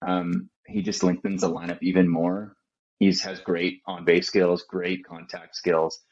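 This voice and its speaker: Deep guy, relaxed and filler-heavy, dull audio. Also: measured pace. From Austin, Texas. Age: young adult. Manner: easygoing, many fillers. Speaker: podcast guest. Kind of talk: casual chat.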